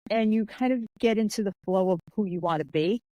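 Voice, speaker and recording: A woman telling stories in a podcast interview, animated and expressive, slipping into the voices of the people she describes. Her tone is mellow and warm rather than bright. The sound is dry and close, with no room echo. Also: mid-range voice, fairly quick, highs cut off. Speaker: guest, author and martial artist.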